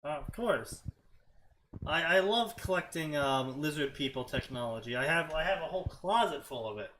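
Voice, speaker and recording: A man's voice: on the high side, animated, moderate pace, background noise. A man co-hosting a stream, reading fanfiction aloud and skimming parts with mocking "blah, blah" asides. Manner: skims text with mocking "blah, blah". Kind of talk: casual stream commentary.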